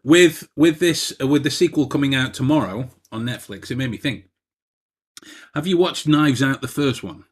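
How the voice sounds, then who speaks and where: A man's voice: medium pitch, normal speed. An English man co-hosting a podcast, chatting playfully with many stammering restarts. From England. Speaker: podcast co-host. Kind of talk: casual chat.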